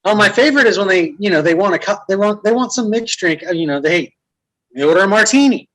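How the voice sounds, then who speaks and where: A man's voice: sits high, animated, quick pace, a bit bright, rough recording. A man who works as a bartender, ranting bluntly and with swearing in casual podcast chat. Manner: blunt and profane.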